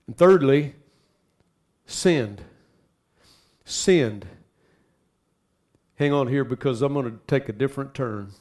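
A man preaching a sermon as pastor, dropping to soft asides and then climbing into loud, urgent exhortation. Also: mid-range voice, takes it slowly, pauses often.

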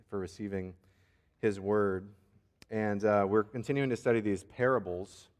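A male pastor with a fairly low voice delivers a relaxed, joking sermon. The sound carries a long church reverb. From Miami area, after a country childhood. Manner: conversational, humorous. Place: church sanctuary.

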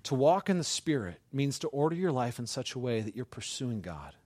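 A middle-aged male pastor preaching a sermon with passion, building to near-shouts and often restarting his sentences. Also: mid-range voice, big pitch swings, a little fast, no echo.

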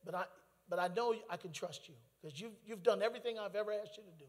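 A man giving a lively testimony sermon, telling a story with asides and bursts of laughter. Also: sits high, quick pace. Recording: long hall reverb.

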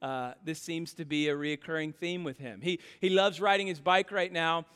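Animated pastor in a large echoing hall. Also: male voice, on the high side, moderate pace, clear, resonant tone. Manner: animated storytelling, acts out dialogue. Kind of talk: sermon with personal stories.

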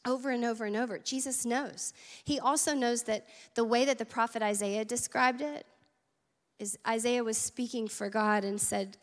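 A woman's voice: fairly high pitch, fairly even intonation, moderate pace, in a large hall. A woman preaching a sermon at church, earnest and conversational, with asides to the congregation. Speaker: teaching pastor.

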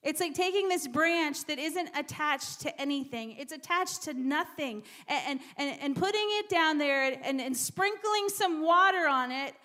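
A woman's voice: high-pitched, lively intonation, normal speed, few pauses, sharp tone. A woman preacher giving a sermon in a church, repeating words and dropping to whispers for emphasis.

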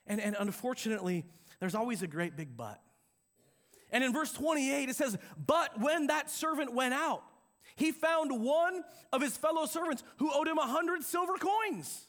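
A man preaching a sermon in a church, conversational and animated, acting out quotes as he goes. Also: extremely high pitch, moderate pace. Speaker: pastor. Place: church sanctuary with a balcony.

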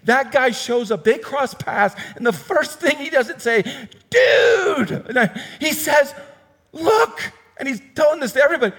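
A man preaching a sermon in a conversational way, reading scripture aloud and swinging from loud bursts to hushed, low passages. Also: long reverb tail. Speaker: pastor.

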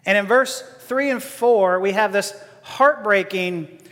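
A man's voice: high voice, slow, fairly bright tone. A man preaching a sermon in an earnest, impassioned way, building to emphatic declarations. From Texas. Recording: long hall reverb.

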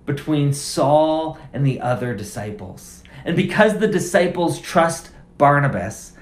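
A man's voice: a little high, expressive, unhurried. A man preaching a sermon as pastor, conversational and casual, driving points home through repeated phrases. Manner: conversational, emphatic repetition. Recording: roomy echo.

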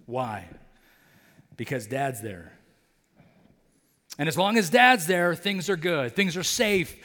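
Male pastor, conversational sermon, slightly higher voice, filler-heavy, long hall reverb. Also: very animated, slow pace, bright, forceful tone. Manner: conversational, many fillers like "like" and "right?"; acts out characters' lines in his storytelling. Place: church sanctuary.

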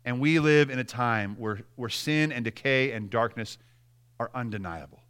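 A man's voice: medium pitch, normal speed, fairly bright tone, smooth. A man preaching a sermon, emphatic and direct, repeating key phrases and speaking straight to the congregation.

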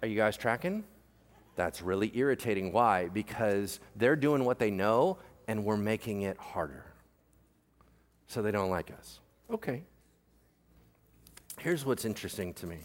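Animated, joking preacher. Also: male voice, fairly low pitch, measured pace, long pauses. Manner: animated, jokey, conversational preaching. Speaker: pastor. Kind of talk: sermon. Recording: long hall reverb.

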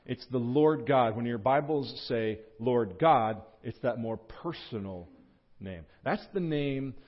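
A man preaching a sermon, teaching through a scripture passage in an earnest tone with fillers and restarts, jumping up in pitch and volume when he voices the words he quotes. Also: expressive, slow pace, highs cut off. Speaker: pastor. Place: church.

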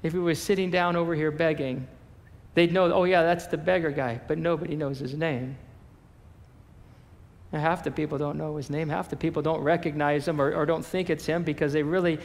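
A male pastor preaching a sermon in a casual, animated storytelling manner. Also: on the high side, fairly quick, in a large hall.

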